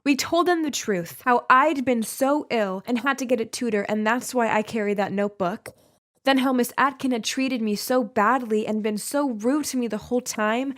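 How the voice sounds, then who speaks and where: A young woman telling a first-person story in lively, expressive scripted narration. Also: a little high, moderate pace.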